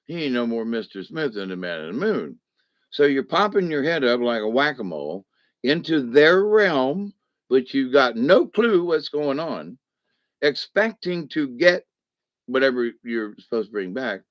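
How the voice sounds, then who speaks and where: A man's voice: medium pitch, very animated, unhurried, dry recording. A man giving a rambling, folksy spiritual lesson, acting out little voices as he goes. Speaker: spiritual teacher. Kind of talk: casual spoken lesson. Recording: dull muffled sound.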